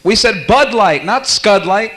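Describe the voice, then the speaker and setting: A young man doing stand-up comedy at a small cafe, teasing the audience in a rapid, jokey way. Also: high voice, expressive, fairly bright tone. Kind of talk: stand-up comedy with crowd work.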